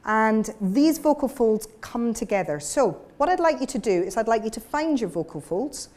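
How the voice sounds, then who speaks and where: A vocal coach leads a voice workshop before a live audience, explaining sounds and breaking into demonstrations as she goes. Her voice is a little high, expressive and a little mellow, at a normal speed.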